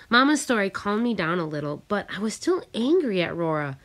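A woman narrating a storybook reading in a measured, careful way. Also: medium pitch, sing-song, a bit bright. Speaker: audiobook narrator.

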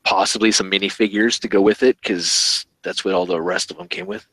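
A man's voice: lowish voice, very animated, fairly quick, gravelly, bright, forceful tone, breathy edge, no echo, poor audio. A man hosting a podcast, chatting casually and thinking aloud with fillers about collectible toys. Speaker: podcast host.

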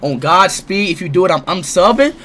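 A young man streaming live, loud and excitable, swearing freely in casual chat. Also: high-pitched, a little fast, slight background noise.

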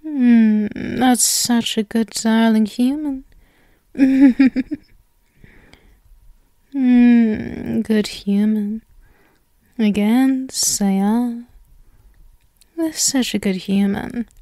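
A possessive female arachne coos and soothes in a whispered role-play, as a woman puts her on. Her voice is mellow and a little high, unhurried and sweetly menacing. The sound is dry and close. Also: steady tone, no echo. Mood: doting. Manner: soft, slow, sweetly menacing cooing.

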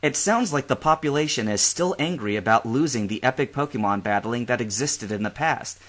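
A man voicing a calm, dry-witted teenage boy trainer who talks quietly and deadpan. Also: medium pitch, fairly quick.

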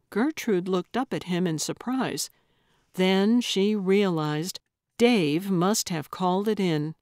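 A woman narrating an audiobook in an even, measured storytelling manner. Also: lowish voice, no room sound, clean studio sound. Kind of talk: scripted narration.

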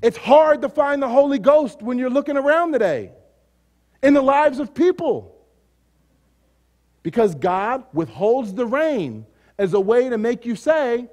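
High-voiced, emphatic male preacher. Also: animated, unhurried. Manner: emphatic preaching that swings between loud declarations and quiet, low asides; repeats phrases in rhythmic runs. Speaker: pastor. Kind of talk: sermon.

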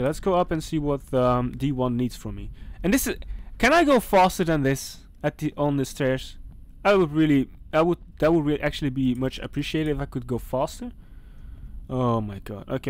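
A young man playing a horror game and commentating, jumpy and talking back to the characters on screen. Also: fairly high pitch. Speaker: gaming channel host. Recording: faint background noise.

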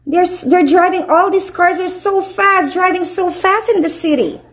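A woman preschool teacher reading a picture book aloud to young children, animated and encouraging, often asking them questions. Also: very high voice, moderate pace.

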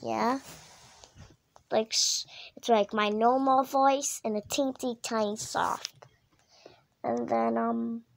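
Woman, vlogger, very slow, hesitant with lots of ums, fairly high voice. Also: fairly even intonation, vocal fry, a little hiss or hum. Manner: hesitant, full of ums and restarts. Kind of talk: casual chat explaining her voiceover voices.

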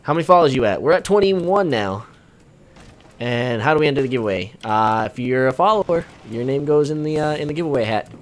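A young man streaming a video game, chatting casually and rambling, breaking into sudden excited shouts and swearing. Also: medium pitch, brisk. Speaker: gaming streamer. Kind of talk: casual live-stream chat.

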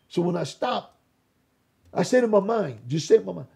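High, gravelly male storyteller, dark and raspy, lively testimony delivery. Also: normal speed. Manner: animated, acts out quoted voices. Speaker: interview guest.

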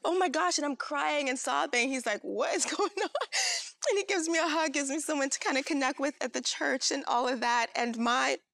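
A woman's voice: high-pitched, brisk, vocal fry, few pauses, fairly bright tone, no room sound. A woman sharing an earnest personal testimony as a talk show guest, storytelling and acting out what people said. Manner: earnest, storytelling, acts out quoted voices.

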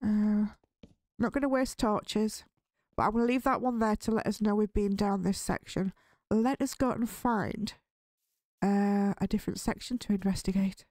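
A woman hosting a relaxed game let's play, chatting through her build and getting nervous and giggly in dark caves. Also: mid-range voice, moderate pace, no room sound, studio quality. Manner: chatty, easily spooked, nervous laughs. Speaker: gaming channel host.

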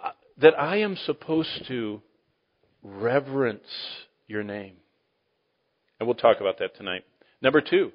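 A man teaching the Bible to a live audience in sermon style, animated, asking the room questions and swinging between loud emphasis and quiet asides. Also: medium pitch, normal speed. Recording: dull lo-fi recording.

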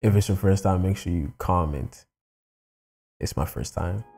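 Low-voiced guy reacting to a rap track, loose slangy chatter, hip hop beat playing clearly behind. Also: a little slow, a little mellow. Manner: loose slangy talk, constant "you know what I'm saying" fillers. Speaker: music reaction host. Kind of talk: casual reaction commentary. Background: hip hop music.

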